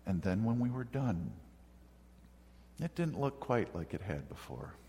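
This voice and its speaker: Reflective pastor preaching in a reverberant hall. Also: male voice, fairly low pitch, very animated, unhurried. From northern United States. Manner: reflective, conversational storytelling with gentle humor. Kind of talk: sermon.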